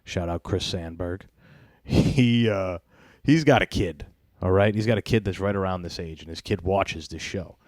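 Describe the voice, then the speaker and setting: Podcast host, deep dry voice, rambling profane comedy chat. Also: male voice, normal speed, a little mellow, no room sound. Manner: rambling, profane, laughs often.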